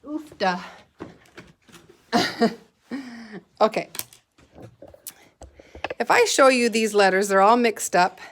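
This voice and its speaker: A woman's voice: medium pitch, lively intonation, slow pace, long pauses, a little hiss or hum. A woman teacher giving a patient, encouraging reading lesson to young children.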